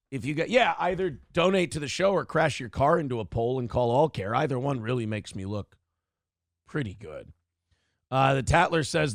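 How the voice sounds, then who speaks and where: A man hosting a live show, reading chat aloud and firing back at trolls in a sarcastic, teasing way. His voice sits fairly high and carries a gravelly rasp. The sound is close and dry, with no room around it. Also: no room sound. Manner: reads out chat comments. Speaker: radio show host. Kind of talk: live-stream donation appeal.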